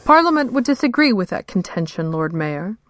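A woman's voice: medium pitch, sing-song, brisk, a bit bright, no echo, studio quality. A woman voicing a poised, dignified noblewoman. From London. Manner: composed, cool, formally polite.

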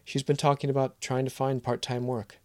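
A man's voice: mid-range voice, level tone, normal speed, a little mellow, no echo. A man reading a short story aloud, voicing the characters' dialogue with strong emotion. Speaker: narrator. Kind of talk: scripted story narration.

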